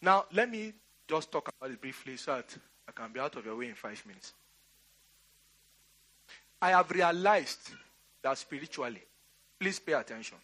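A man's voice: on the high side, very animated, moderate pace, pauses often, pushed and bright. A middle-aged Nigerian man preaching a sermon, giving emphatic commands and laughing through a storytelling aside. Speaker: pastor. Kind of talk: sermon with personal anecdote.

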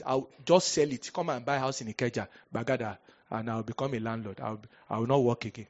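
A male pastor with a Nigerian accent preaching a storytelling sermon. He is animated and humorous, slips into pidgin and bursts out loudly at times. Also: mid-range voice, fairly quick, muffled recording. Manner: animated, humorous, breaks into pidgin, sudden loud outbursts.

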